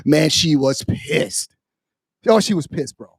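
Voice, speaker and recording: A man, a military veteran, on a podcast, casually telling a story in an animated, profane way and acting out the people in it. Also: on the high side, slow, creaky, husky, dry recording, clean studio sound. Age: adult, military veteran. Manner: animated, profane, acts out quoted voices. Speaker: podcast co-host.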